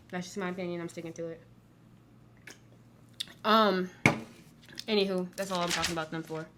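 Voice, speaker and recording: A woman's voice: mid-range voice, steady tone, brisk, pushed and bright. A woman casually recapping a reality TV show, rambling and blunt, with lots of "like" in her speech. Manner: candid, blunt.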